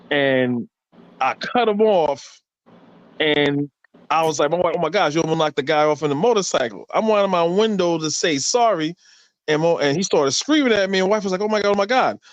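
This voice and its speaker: Lively New man on lo-fi audio. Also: a little high, dry recording. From New York. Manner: animated, profane, acts out quoted voices. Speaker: discussion participant. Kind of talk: casual group chat storytelling.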